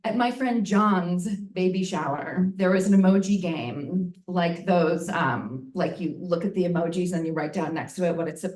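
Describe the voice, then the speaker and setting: A woman's voice: on the low side, moderate pace, hardly any pauses, darkish tone. Bawdy woman storyteller on a live stage. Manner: frank, bawdy and playful, laughing at her own lines. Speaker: storytelling performer. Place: live venue in front of an audience. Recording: roomy audience mic from a distance.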